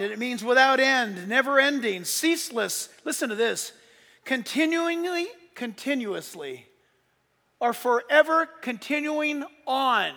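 A man with a very high, bright voice preaches a sermon to his church. He stresses his points with force and at times quickens into a near shout. The sound carries the long reverb of a big church hall. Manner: emphatic preaching, speeds up and shouts in stories. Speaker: pastor.

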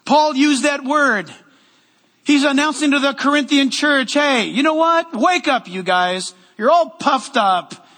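A man preaching a sermon as pastor, energetic and loud, with joking asides to the congregation, in a church sanctuary. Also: very high-pitched, a little slow, big-room sound.

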